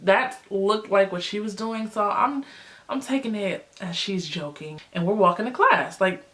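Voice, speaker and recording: A young woman vlogger telling a story in a casual, chatty way, with lots of fillers, jumping high in pitch when she acts out what people said. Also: normal speed. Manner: animated, acts out quotes with big pitch jumps.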